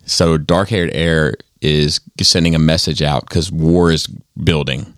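A man's voice: a bass voice, fairly even intonation, unhurried, fairly bright tone, no room sound, studio quality. A man co-hosting a casual podcast, rambling with many fillers and restarts. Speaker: podcast co-host.

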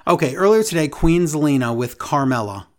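Sarcastic, exasperated man with a high voice. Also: lively intonation, a little fast. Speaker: podcast co-host. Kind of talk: casual chat recapping wrestling.

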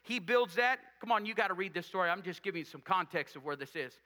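A man's voice: high voice, expressive, fast talker, pushed and bright, in a large hall. A male preacher delivering a sermon, asking the congregation rhetorical questions and making joking asides.

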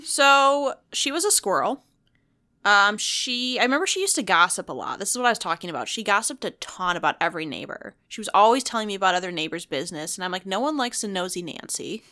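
A woman's voice: medium pitch, lively intonation, fast talker, pushed and bright. A woman co-hosting a casual chat, blunt and opinionated, often laughing.

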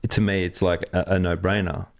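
A man's voice: deep voice, flat delivery, a little fast, vocal fry. A man hosting a casual podcast conversation, laid-back and thinking aloud. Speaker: podcast host.

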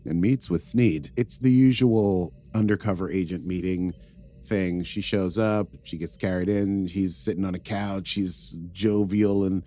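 A man recapping an episode in relaxed, wry chat, chuckling at his own asides. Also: sits low, a little slow, soft background music. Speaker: podcast co-host recapping episodes.

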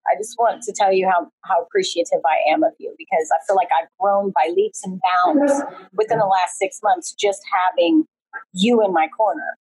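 Husky-voiced woman telling a chatty story. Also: medium pitch, animated, normal speed, darkish tone, rough recording. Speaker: guest, painting business owner. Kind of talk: casual conversational interview. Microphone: remote video call.

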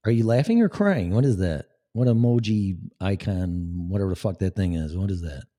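A man's voice: low voice, expressive, moderate pace, dark tone. A man hosting a live talk show, speaking in a blunt, sarcastic, rambling way. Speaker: podcast host. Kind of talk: casual live-show monologue.

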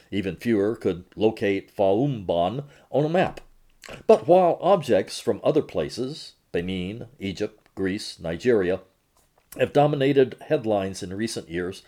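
A man reporting and narrating his own magazine feature in a measured, expressive storytelling manner. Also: medium pitch.

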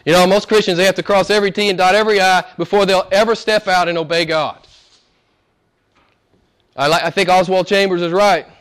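A man preaching a sermon as pastor, swinging from loud declarations to hushed near-whispers and repeating phrases for emphasis. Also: sits high, steady tone, a little fast.

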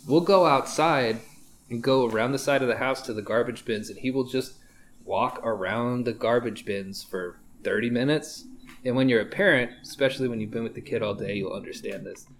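A man's voice: mid-range voice, moderate pace, slight background noise. A man hosting a podcast, telling casual stories in a rambling, profane way. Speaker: podcast host.

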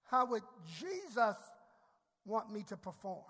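A male pastor preaching a sermon, repeating words and rising to shouted climaxes. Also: high-pitched, very animated, measured pace. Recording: long hall reverb.

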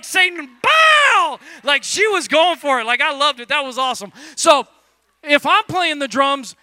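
A man preaching a casual, energetic sermon from a church stage, talking loosely with lots of "like" fillers and jokes. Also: extremely high pitch, no echo. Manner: loose and conversational, full of "like" fillers, jokey. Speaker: pastor.

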